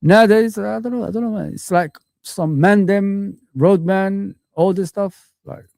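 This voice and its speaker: A man's voice: high voice, a little slow, gravelly, a little mellow, no room sound, studio quality. A man, hosting a casual live-stream chat, rambling and puzzled, with many fillers and repeated questions. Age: 40s. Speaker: host.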